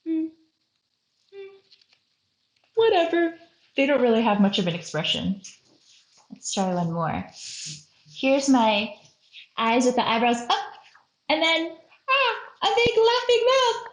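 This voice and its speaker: A woman's voice: a little high, big pitch swings, unhurried, long pauses, echoey room, low-quality recording. Playful woman teaching kids art. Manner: playful, acts out faces and voices. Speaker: museum educator. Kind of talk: children's art lesson.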